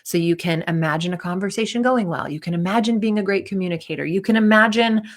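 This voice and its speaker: A woman's voice: medium pitch, fast talker. A woman confidence coach talking casually to athletes, acting out their inner voices and leading a short breathing exercise. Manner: chatty, acts out inner voices, guides breathing.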